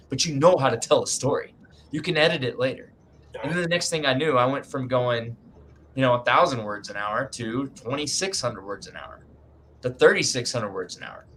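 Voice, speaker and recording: Emphatic, bright-voiced man on a video call. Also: mid-range voice, slight background noise. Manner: emphatic, folksy, keeps saying "man". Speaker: author giving writing advice. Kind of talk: casual group video chat. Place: home writing room with bookcases.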